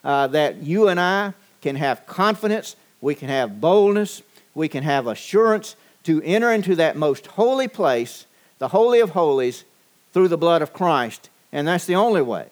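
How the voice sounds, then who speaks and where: Man preaching with slow, halting pauses. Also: a little high, big pitch swings. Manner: measured preaching with frequent "uh" pauses, slowing for emphasis. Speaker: pastor. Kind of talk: sermon.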